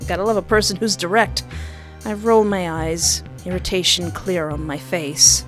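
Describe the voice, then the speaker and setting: A woman streamer reading a story game aloud and adding joking, expressive comments between lines. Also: on the low side, normal speed, soft background music.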